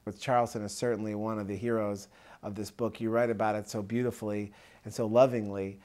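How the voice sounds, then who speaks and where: A man's voice: fairly low pitch, level tone, a little fast, a little mellow. A man hosting an interview, asking admiring questions with frequent restarts. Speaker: interviewer, host.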